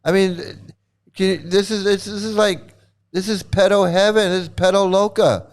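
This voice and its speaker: A man's voice: high voice, fairly even intonation, moderate pace. A man hosting angry reaction commentary, talking heatedly with a lot of swearing and repeating himself. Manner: heated, profane, repetitive. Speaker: commentary channel host.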